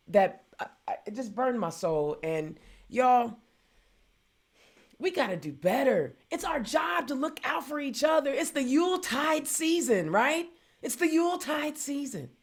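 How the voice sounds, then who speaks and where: A woman from hosts a political talk show, her slightly high voice driving an indignant rant. She hammers her points home by repeating phrases. The delivery stays impassioned and conversational throughout. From Indiana.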